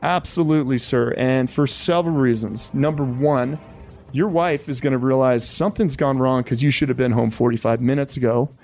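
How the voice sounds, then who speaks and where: A man's voice: mid-range voice, normal speed, a little mellow, soft background music. A man hosting an interview, politely calling his guest sir and telling a survival scenario step by step. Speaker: podcast host.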